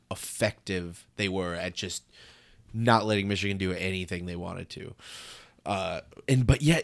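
A man co-hosting a casual comedy podcast, laughing often and rambling with restarts. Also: lowish voice. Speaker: podcast co-host.

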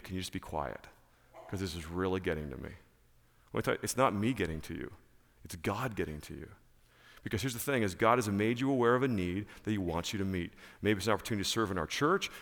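Animated male preacher in an echoing hall. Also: lowish voice. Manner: animated, emphatic, repeats key phrases. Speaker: pastor. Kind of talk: sermon. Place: church.

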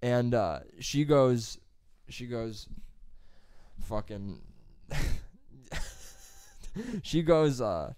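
A man's voice: mid-range voice, very slow, long pauses, smooth, dry recording, clean studio sound. A young man in his twenties telling a story in casual chat, acting out the other people's lines and laughing often. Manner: animated storyteller, acts out quotes, laughs often, swears casually.

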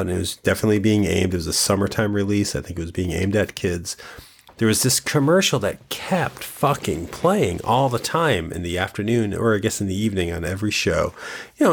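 A man in his forties co-hosting a casual movie podcast, telling animated stories and quoting lines. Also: low voice, gravelly, breathy edge. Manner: animated storytelling, mimics film lines. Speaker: podcast co-host. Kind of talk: casual chat about movies.

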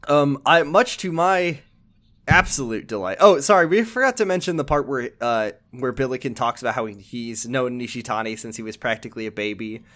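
A man's voice: medium pitch, animated, a little fast, fairly bright tone. A young man chatting casually as a podcast host while he recaps a game's story. He rambles in a middling voice, full of "um"s and asides. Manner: rambling, many "um"s. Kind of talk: casual game recap chat.

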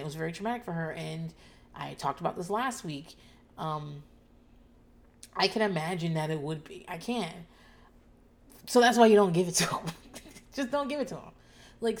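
A woman host talking casually and loudly about a show, profane and animated, acting out people's lines in shouts. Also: sits low, creaky. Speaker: podcast host recapping a TV show. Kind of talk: casual chat.

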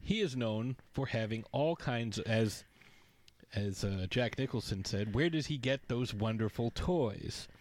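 A man's voice: mid-range voice, lively intonation, measured pace, darkish tone. A man co-hosting a podcast, talking in a playful, joking, rambling way. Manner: playful, jokey, rambling asides. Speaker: podcast co-host. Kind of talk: casual podcast banter.

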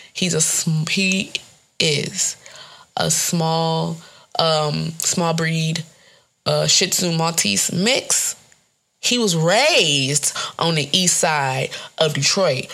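Young woman podcast host, lowish gravelly voice, animated storytelling. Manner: animated storytelling, swearing, laughing. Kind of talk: casual solo podcast talk.

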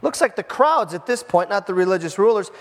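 A man preaches to his congregation in a relaxed, conversational way, leaning hard on key points and slipping into the voices of the crowd. His voice sits high for a man. The sound carries the long reverb of a church sanctuary. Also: fairly quick. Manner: conversational, emphatic, acts out voices in the scene. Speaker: pastor. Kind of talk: sermon.

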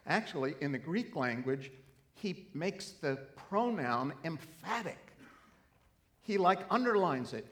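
A middle-aged pastor delivers a sermon at an unhurried pace, his voice sitting a little on the high side. He tells a story earnestly and then builds to emphatic, lifted preaching. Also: lively intonation, a bit bright.

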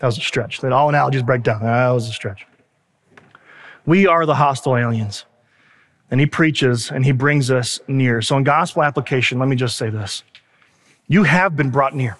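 A pastor giving a sermon, telling a story in an animated way with asides and quick laughs. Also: male voice, medium pitch, long reverb tail.

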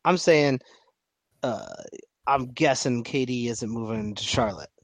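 A man co-hosting a sports podcast in a lively, joking rant, full of restarts. His voice sits mid-range and is recorded close and dry, with no room sound. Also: mid-range voice, a little slow, dry recording. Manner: animated, joking rants, frequent restarts. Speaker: podcast co-host. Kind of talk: casual sports chat.

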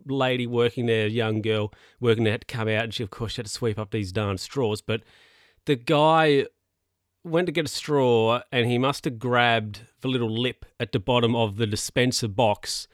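A man's voice: medium pitch, no echo, studio quality. A man in a casual monologue, rambling through anecdotes in a chatty way and laughing at his own stories.

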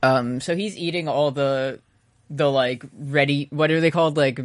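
A co-host with a mid-pitched voice, recorded dry and close, rambles through a casual anime recap. The talk is loose and profane, with frequent laughs and acted-out character lines. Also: fairly even intonation, moderate pace, no echo. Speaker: podcast co-host.

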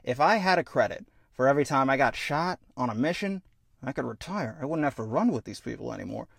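A man's voice: mid-range voice, expressive, fast, gravelly, fairly bright tone, no echo, clean studio sound. A man voicing a reassuring male starship captain who coaxes his crew. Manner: coaxing, easygoing leader talk.

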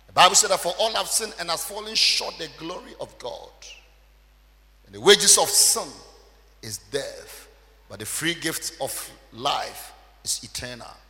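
A male pastor preaching a sermon, swinging between loud shouted emphasis and quiet low asides. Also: expressive, unhurried, in a large hall.

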